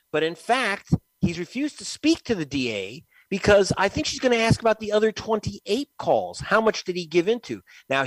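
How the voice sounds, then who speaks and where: A man's voice: on the high side, a bit bright, dry recording. A man, a guest investigative reporter, giving emphatic, scornful political commentary with frequent laughs.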